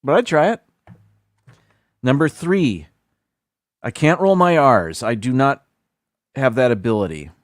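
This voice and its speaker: Male streamer host, casual list-reading, lively up-and-down delivery, dry close mic, trips over words. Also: mid-range voice, no room sound. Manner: reads haltingly, stumbles over foreign words, self-deprecating asides. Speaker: livestream host.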